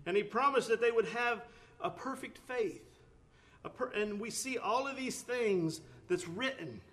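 A man's voice: extremely high pitch, measured pace, a bit bright. A man preaching a sermon, earnest, with rising emphatic bursts, often repeating words and restarting phrases.

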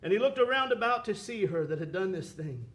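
A man's voice: high voice, expressive, fairly quick, fairly bright tone. A man preaching a sermon with an impassioned, rising and falling cadence, quoting scripture.

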